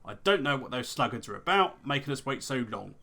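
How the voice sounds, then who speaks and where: A man's voice: medium pitch, sing-song, a little fast, gravelly, bright, forceful tone, full character voice. A man voicing an irritable, defensive work overseer in a fantasy game. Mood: irritated. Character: surly work overseer, short-tempered.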